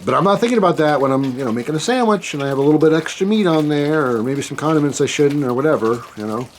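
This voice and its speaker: A man's voice: a little high, animated, fast, a little hiss or hum. A man hosting his own vlog, talking candidly and self-deprecatingly in a rambling way with many restarts. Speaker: channel host.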